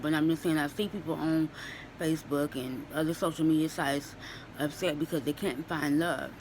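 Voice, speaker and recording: A woman's voice: sits low, steady tone, normal speed, darkish tone, a little hiss or hum, poor audio. A young woman and student, tearful, giving an earnest Christian encouragement and testimony in casual talk, repeating her phrases. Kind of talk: casual spoken testimony to camera.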